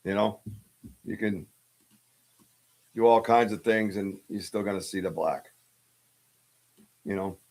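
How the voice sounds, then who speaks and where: In a lowish, darkish voice, a podcast host tells a story at a measured pace with long pauses. The live-stream storytelling is casual and rambling, thick with fillers and restarts.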